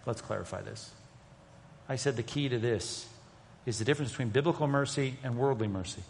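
A pastor preaching a sermon, emphatic, moving between loud stresses and hushed asides. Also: male voice, medium pitch. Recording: long reverb of a large hall.

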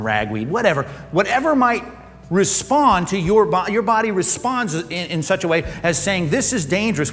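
A man preaching a sermon as pastor, animated, often acting out quoted voices. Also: on the high side. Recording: long hall reverb.

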